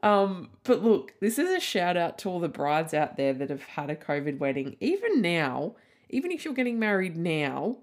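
Aussie woman in her 30s rambling on her podcast, lowish voice, says like a lot and swears a bit. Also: very animated, moderate pace. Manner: rambling and candid, lots of "like", casual swearing. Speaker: podcast host. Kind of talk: casual solo podcast chat.

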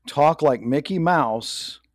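A man's voice: fairly high pitch, takes it slowly, no echo, studio quality. A man co-hosting a casual chat, easygoing, asking playful questions and laughing often. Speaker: podcast co-host.

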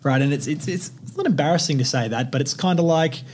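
A man's voice: on the high side, fast, a little hiss or hum. A man with an Australian accent, hosting a podcast and telling a personal story, swearing freely and acting out the voices in his quotes. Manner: animated, profane, acts out quotes. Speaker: podcast host.

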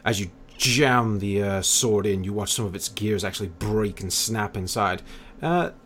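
A man running a tabletop game as game master, narrating the action in a relaxed, descriptive way. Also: fairly low pitch, normal speed, a little hiss or hum.

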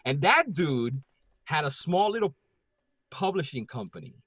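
A man with a Puerto Rican accent, telling a story in casual podcast chat, profane and animated. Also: fairly high pitch, unhurried, slightly rough, no room sound. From Puerto Rico.

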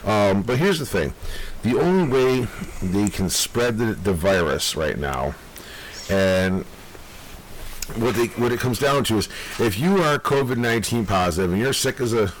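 A man's voice: on the low side, lively intonation, measured pace, a little hiss or hum, rough recording. A man with a New York accent co-hosting a podcast, ranting in casual talk, swearing a lot and often breaking into laughter. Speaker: podcast co-host.

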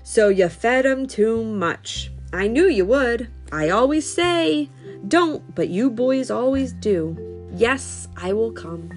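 A calm older fish seller in a storybook, scolding gently and knowingly, as a woman reads him. He draws out every word, with faint music underneath. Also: a little high. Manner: slow, knowing, mildly scolding.

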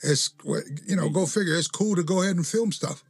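A man hosting a podcast, telling relaxed backstage stories and laughing often. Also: high voice, fairly quick, slightly rough, dry recording, studio quality. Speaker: podcast host, former wrestler. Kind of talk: casual storytelling chat.

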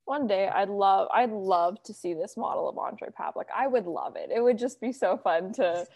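A woman's voice: mid-range voice, moderate pace, a little mellow, no room sound, clean studio sound. A young woman hosting a casual chat, talking loosely with many fillers. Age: young adult. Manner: chatty, lots of fillers and "you know". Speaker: podcast host.

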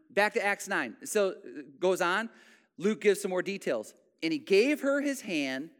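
Emphatic male preacher in a reverberant hall. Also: sits high. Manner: emphatic preaching, repeats phrases, swings from soft to loud. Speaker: pastor. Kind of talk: sermon.

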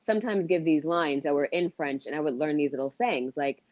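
Brief: low-pitched woman podcast co-host, excitable and joking, dry sound. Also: fairly quick, no room sound, dull audio. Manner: enthusiastic, exclamatory, joking. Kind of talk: casual chat.

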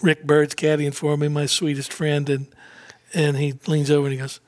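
A man, a guest on a talk show, telling an anecdote in a casual, animated way, acting out quotes and laughing often. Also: fairly high pitch, moderate pace. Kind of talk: casual storytelling interview.

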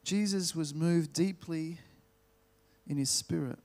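A man with an Australian accent preaching a sermon, telling stories and slowing down to stress key words. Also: a little high, a little mellow. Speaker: pastor.

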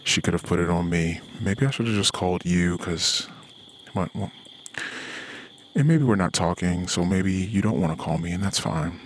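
A man's voice: sits low, moderate pace, slight background noise. A middle-aged man, a podcast host, ranting in a profane personal monologue. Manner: profane, ranting, with heated quoted asides.

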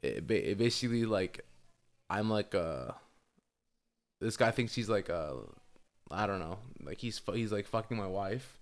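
A man's voice: lowish voice, animated, moderate pace, long pauses. Young man with a groggy morning voice. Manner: rambling, profane, full of fillers and restarts. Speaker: podcast co-host. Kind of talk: casual chat.

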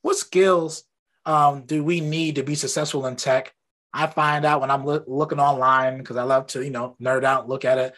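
A man hosting an interview from his home office, talking in a relaxed, rambling way about his own habits. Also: mid-range voice, moderate pace. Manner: relaxed and talkative, rambling anecdotes. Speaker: podcast host. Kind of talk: casual interview chat.

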